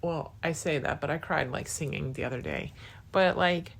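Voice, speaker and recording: Young woman rambling to her partner on her podcast, soft and heartfelt, lots of "like", voice sits a bit low. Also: normal speed, gravelly. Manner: rambling, full of "like" and restarts. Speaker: podcast host. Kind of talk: casual spoken diary to a partner.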